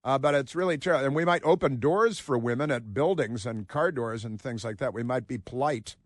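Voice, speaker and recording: A man's voice: medium pitch, a little fast, dry recording, clean studio sound. A man hosting talk radio, mocking and rambling, with frequent filler words. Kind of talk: casual talk radio commentary.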